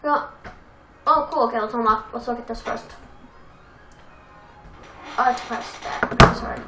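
A young woman casually commenting on a racing game she plays, chatty and self-deprecating, with excitable outbursts. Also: on the high side, slow pace, pauses often. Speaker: let's play gamer. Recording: echoey room with game music.

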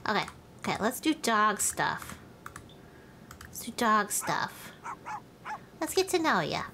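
A woman's voice: mid-range voice, big pitch swings, takes it slowly, bright, forceful tone, slight background noise. A woman live-streaming a life-sim game, chatting to viewers and scolding the game characters, with playful swearing. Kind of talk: live gameplay commentary.

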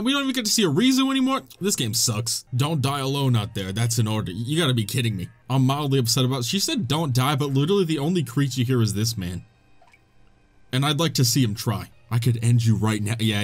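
A young man giving excitable let's play commentary, laughing, swearing and reading the dialogue aloud. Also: a little high. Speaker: gaming YouTuber. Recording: faint game music behind. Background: faint game music.

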